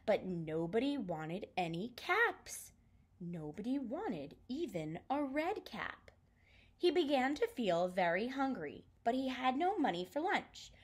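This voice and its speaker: Slow, sing-song woman reading aloud. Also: fairly high pitch, breathy edge. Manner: expressive, sing-song storytelling. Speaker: art teacher. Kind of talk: picture book read-aloud and drawing lesson.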